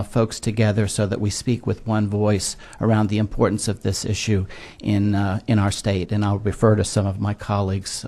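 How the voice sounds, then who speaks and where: A man in his sixties, a disability education expert, testifying to legislators in a measured, earnest way with frequent filler words. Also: on the low side, darkish tone. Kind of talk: formal testimony. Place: legislative hearing room.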